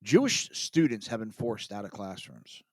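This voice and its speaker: A man hosting a political commentary podcast, sarcastic and profane, sighing and swinging between loud outbursts and mutters. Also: on the low side, very animated, moderate pace, no room sound. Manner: sarcastic, profane, self-mocking. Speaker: podcast host.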